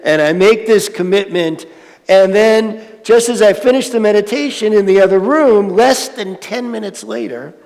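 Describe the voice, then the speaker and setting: A man in his sixties giving a sermon-style talk with animated, self-mocking storytelling. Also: high voice, moderate pace, creaky. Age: 60s. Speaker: speaker at a spiritual centre. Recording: hall reverb.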